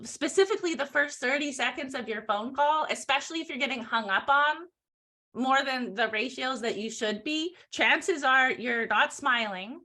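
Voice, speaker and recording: A bubbly, high-pitched woman co-hosting a sales podcast. Her bright, forceful voice bounces with energy, and she breaks into giggles as she talks shop. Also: moderate pace. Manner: bubbly, energetic, giggly, with playful acted-out phone calls. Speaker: podcast co-host and sales trainer. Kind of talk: lively sales podcast chat.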